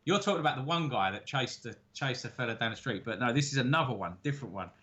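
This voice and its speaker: A man's voice: mid-range voice, expressive, fast, pushed and bright, muffled recording. A man co-hosting a casual chat over beers, telling stories in a laid-back way and swearing freely. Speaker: co-host.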